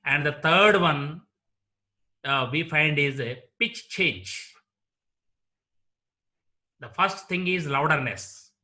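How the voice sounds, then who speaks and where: A man with an Indian English accent, teaching a lecture on word stress and repeating each example word slowly. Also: fairly high pitch, lively intonation, bright, forceful tone. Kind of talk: slow explanatory lecture.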